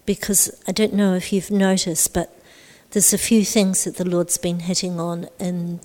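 A woman's voice: lowish voice, little pitch movement, unhurried, darkish tone. An earnest woman speaks to a church meeting and opens the time up for prayer. She talks in a thoughtful, reflective way. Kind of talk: leading prayer ministry.

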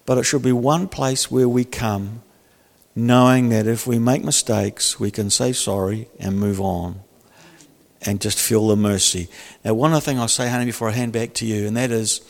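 A man's voice: medium pitch, fairly even intonation, normal speed, big-room sound. A male pastor preaching in a conversational way, joking and acting out little scenes. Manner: conversational preaching with jokes and acted-out quotes. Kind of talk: sermon.

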